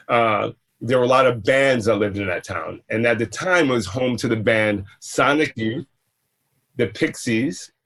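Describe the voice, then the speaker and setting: A man in his fifties from Massachusetts tells his story at an easy, middling pitch. He talks loosely and conversationally, with "uh"s and restarts along the way. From Massachusetts, USA. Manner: relaxed, conversational, with frequent fillers and restarts. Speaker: entrepreneur guest. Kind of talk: storytelling interview.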